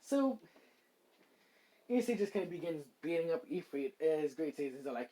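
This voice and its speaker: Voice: medium pitch, big pitch swings, moderate pace, pauses often, mellow, low-quality recording. A fan story narrator improvising a story aloud, rambling with many fillers. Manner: rambling, many likes and ums.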